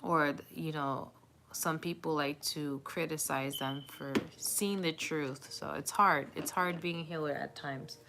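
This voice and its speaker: A woman's voice: low voice, steady tone, measured pace, vocal fry, noisy background. A woman doing a live tarot reading, talking in a chatty, reassuring way with many fillers and frequent laughs. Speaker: tarot reader.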